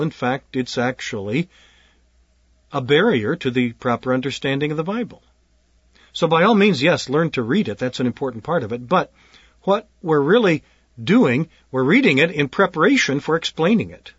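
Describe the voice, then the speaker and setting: A pastor speaking to would-be preachers in an earnest, deliberate way, often repeating words as he gathers his thoughts. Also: on the high side, fairly bright tone, husky, dry recording. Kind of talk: instructional talk on preaching. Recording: dull lo-fi dry recording.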